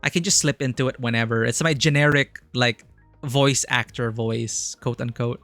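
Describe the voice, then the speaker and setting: A man's voice: mid-range voice, steady tone, normal speed, fairly bright tone, no room sound, faint music behind. A man streaming a video game, chatting casually and enthusiastically, rambling with lots of "like". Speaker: streamer, filmmaker. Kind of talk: casual live game commentary.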